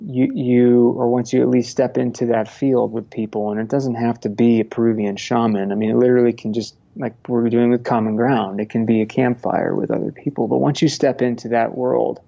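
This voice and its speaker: A man's voice: medium pitch, level tone, brisk, creaky, hardly any pauses, dark tone, lo-fi sound. A man in his thirties from Montana, a podcast guest talking casually, rambling with many restarts and frequent laughs. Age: 30s. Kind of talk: casual conversational interview.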